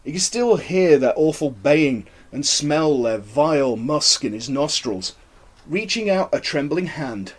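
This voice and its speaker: Author narrating his own horror-comedy; husky, animated, fairly high male voice. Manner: expressive, wry storytelling. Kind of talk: live horror-comedy story reading.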